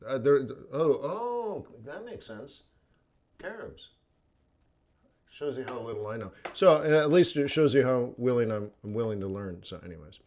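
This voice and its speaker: A man's voice: mid-range voice, sing-song, moderate pace, a little mellow. Rambling, chatty man hosting a livestream. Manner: rambling, chatty, laughs often, acts out quoted voices. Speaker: forex trading livestream host. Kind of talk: casual livestream chat.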